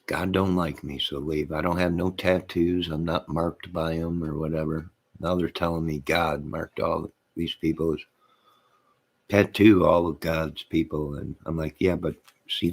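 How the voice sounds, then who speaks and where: A man's voice: extremely low pitch, creaky, slightly rough. A man hosting a live stream, rambling in casual chat with his viewers, often repeating himself and addressing them by name.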